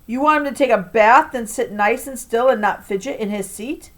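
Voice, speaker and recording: A woman voicing a harsh, taunting old grandmother in a storybook read-aloud, with a loud, sing-song scolding delivery. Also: a little high, normal speed, lightly acted.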